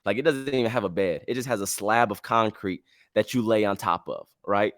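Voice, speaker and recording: A man's voice: lowish voice, a little fast, dry recording, studio quality. A man hosting a podcast, telling a travel story in casual slang and acting out the dialogue. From United States. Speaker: podcast host.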